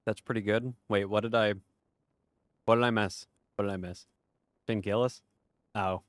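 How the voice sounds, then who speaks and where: A man's voice: fairly low pitch, fairly even intonation, normal speed, no room sound, studio quality. A man streaming a game, chatting casually and reading chat aloud in a laid-back, profane way.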